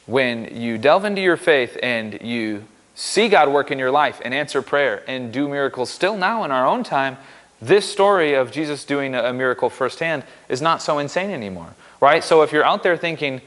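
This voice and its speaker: A man's voice: mid-range voice, lively intonation, moderate pace, fairly bright tone, long reverb tail. A man giving a casual, upbeat sermon in a church, joking and poking fun at himself. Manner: upbeat, joking, self-deprecating. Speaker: pastor.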